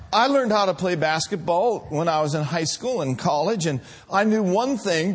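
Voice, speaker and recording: A middle-aged male pastor preaching a sermon in a church, animated and laughing as he calls out to the congregation. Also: sits high, slightly rough.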